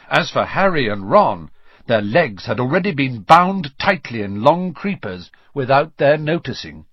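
A man narrating a storybook aloud in an expressive, varied way. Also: mid-range voice, slightly rough, no echo. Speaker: audiobook reader. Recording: slightly dull lo-fi recording.

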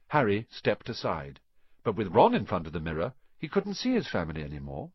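Husky guy reading a storybook, voice goes up and down a lot, dull muffled sound. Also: on the low side, wildly swooping pitch, a little fast, no room sound. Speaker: audiobook narrator. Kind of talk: scripted story narration.

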